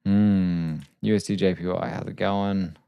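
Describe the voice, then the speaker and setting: A man hosting a live trading stream late at night, talking quietly and casually with self-deprecating asides. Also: low-pitched, flat delivery, measured pace, creaky, clear, resonant tone, dry recording. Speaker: trading livestream host. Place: home desk at night. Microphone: desk microphone.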